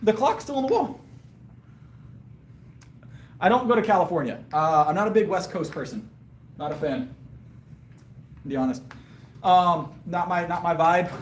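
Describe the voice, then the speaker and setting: A man's voice: a little high, normal speed, long pauses, roomy sound, a little hiss or hum. A man, chatting casually with viewers on a live stream between lifting sets and answering their questions. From Southern US. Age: 30s. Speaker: powerlifting livestreamer.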